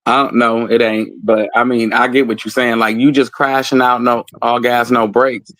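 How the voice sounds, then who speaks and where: A man's voice: medium pitch, flat delivery, normal speed, fairly bright tone, no room sound. A man co-hosting a casual chat, talking in a laid-back, rambling way.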